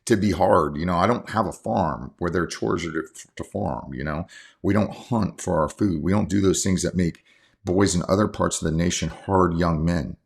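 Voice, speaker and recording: Low gravelly man, husky voice. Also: normal speed. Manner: earnest, heartfelt, rambling with restarts. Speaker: coach and father, podcast guest. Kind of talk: casual interview conversation.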